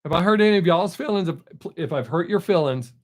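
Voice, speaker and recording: A man's voice: sits high, animated, fast talker. A middle-aged man hosts a live stream, chatting casually and bluntly with his viewers and telling stories. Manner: blunt, talkative, storytelling.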